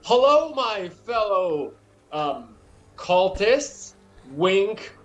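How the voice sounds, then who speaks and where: A man voicing a nervous doctor who leads a cult, with a fast, theatrical, winking delivery. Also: sits high, sing-song, highs cut off, voice pushed up, exaggerated voice. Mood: sly. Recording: roomy sound with music behind.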